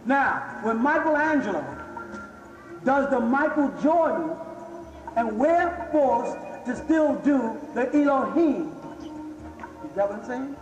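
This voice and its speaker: A very high-pitched man teaches a live audience in a large hall. He speaks emphatically and keeps asking whether they follow. The sound is roomy with a long echo, and faint music plays underneath. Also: lively intonation, slow pace, pauses often, lo-fi sound. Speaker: religious teacher lecturing an audience. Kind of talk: live lecture with audience questions.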